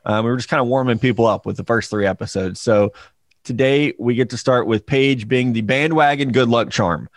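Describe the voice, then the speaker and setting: A man's voice: medium pitch, brisk, no room sound, clean studio sound. A man co-hosting a podcast in casual chat, teasing and joking with his co-hosts. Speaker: podcast co-host.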